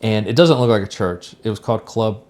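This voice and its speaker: This middle-aged podcast co-host has a fairly low voice and a brisk delivery. He spins a casual personal story with animation, acting out the quoted lines of the people in it.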